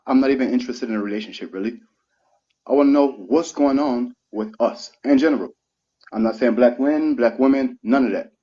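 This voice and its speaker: A man's voice: mid-range voice, fairly quick, dark tone. Earnest man, thirty, on a muffled live stream. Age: 30s. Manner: earnest, rising to heated and pleading. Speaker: guest speaker on a live stream. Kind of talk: emotional live-stream monologue.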